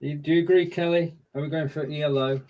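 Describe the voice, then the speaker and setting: A man's voice: a little high, steady tone, fast, dull audio. A man co-hosting a casual live-stream show, chatting in a friendly, upbeat way as he runs a quiz and mutters to himself while working the screen share.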